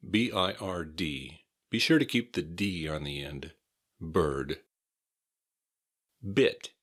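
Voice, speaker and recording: Slow, deep-voiced American man teaching. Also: a bit bright. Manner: slow, deliberate, repeats and spells words out. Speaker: pronunciation teacher. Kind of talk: slow instructional drilling.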